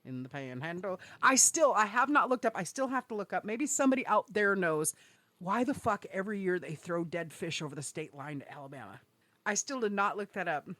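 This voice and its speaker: A woman co-hosts a casual podcast, and her pitch swings widely as she jokes, swears and bursts out laughing. She sits at an average height for a woman's voice, and the sound is close and dry with no room around it. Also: brisk, no room sound. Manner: profane, excitable and laughing. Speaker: podcast co-host. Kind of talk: casual chat.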